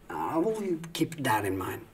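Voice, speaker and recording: A man's voice: medium pitch, background noise, exaggerated voice. An actor playing an awkward man stuck in a lift who fills the silence with rambling, nervous chatter. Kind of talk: film drama acting.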